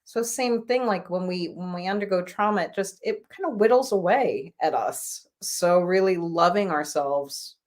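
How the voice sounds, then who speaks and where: A woman's voice: fairly low pitch, normal speed, hardly any pauses, darkish tone. A woman spiritual healer talking in an interview, earnest and encouraging as she reflects on healing. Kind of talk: conversational interview.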